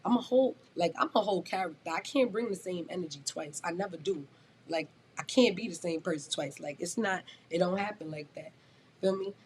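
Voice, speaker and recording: A woman's voice: fairly low pitch, brisk, darkish tone, slight background noise. A woman in her twenties talking in a casual podcast chat, blunt and emphatic, swearing freely. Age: 20s. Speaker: guest rapper.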